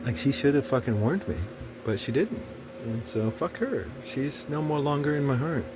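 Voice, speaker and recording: A man's voice: medium pitch, moderate pace, background noise. A man telling a personal story in a rambling monologue, swearing often and stumbling through fillers and restarts. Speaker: storyteller recounting a personal experience. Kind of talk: casual monologue.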